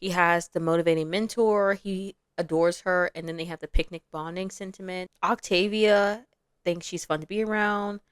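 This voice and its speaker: A woman's voice: fairly low pitch, smooth, no echo. A young woman giving casual commentary over a life-simulation game, chatty and laughing often as she voices the characters' lines. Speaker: gameplay commentator.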